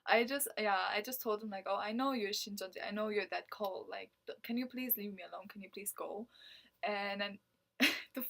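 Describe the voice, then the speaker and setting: A woman's voice: mid-range voice, moderate pace, creaky, fairly bright tone. A woman from Germany, a native German speaker, talking casually to camera, telling a story with frequent laughs and fillers. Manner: chatty, laughs often, many fillers like "like". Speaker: vlogger.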